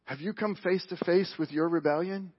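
Emphatic, husky-voiced male preacher. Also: high-pitched, steady tone, normal speed. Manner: emphatic, rhetorical questions, big swings in loudness. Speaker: pastor. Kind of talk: sermon. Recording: muffled lo-fi live broadcast.

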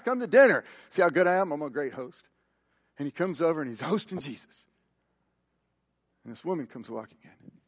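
A man preaching a sermon, emphatic and questioning, retelling a gospel story. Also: fairly high pitch. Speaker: pastor.

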